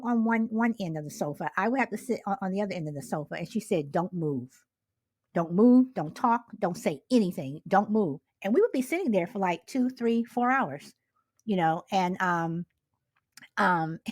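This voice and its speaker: A middle-aged woman co-hosting a casual talk show, telling stories in an animated, exasperated way with rhetorical questions. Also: mid-range voice, dry recording. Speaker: podcast co-host. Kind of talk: casual chat.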